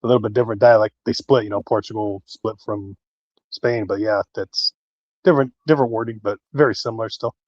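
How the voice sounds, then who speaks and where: A man talking casually as a guest on a live stream panel, rambling in a relaxed way. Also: fairly low pitch, fairly quick, dry recording, muffled recording.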